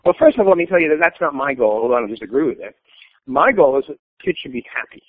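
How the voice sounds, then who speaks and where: A man's voice: medium pitch, big pitch swings, quick pace, dry recording. An older man, a blunt and opinionated storyteller, talking as a guest in an interview. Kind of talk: conversational interview. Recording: tinny phone line.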